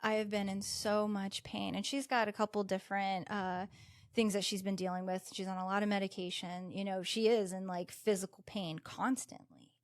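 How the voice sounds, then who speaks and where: A woman's voice: medium pitch, steady tone, moderate pace, dry recording, studio quality. A woman yoga instructor guesting on a podcast, explaining in a casual chatty way with many "like" and "you know" fillers. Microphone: podcast microphone.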